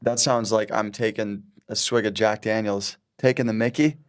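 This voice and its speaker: A man's voice: lowish voice, fairly even intonation, normal speed. A man with an American accent, a guest on a casual podcast, talking in an easygoing, playful way as he guesses at slang. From United States. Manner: easygoing and playful, trying out phrases.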